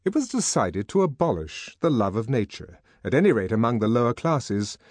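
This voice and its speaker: Male audiobook narrator, expressive, measured, very animated intonation, dry recording. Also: mid-range voice, dry recording. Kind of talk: scripted narration.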